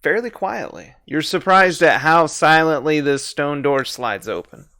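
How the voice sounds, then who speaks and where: Man, game master, somewhat high voice, dry close sound, laughs between narration. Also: lively intonation, a little slow, pushed and bright, dry recording. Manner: laughs often between descriptions. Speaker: dungeon master. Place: live-stream home setup.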